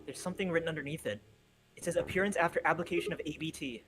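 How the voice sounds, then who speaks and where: A man's voice: a little high, very fast, fairly bright tone, faint music behind. A man co-hosting a game stream over a voice call, reading lines with exasperated energy and laughing easily. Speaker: co-host reading game dialogue. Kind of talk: casual live-stream play-through. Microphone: headset over voice call.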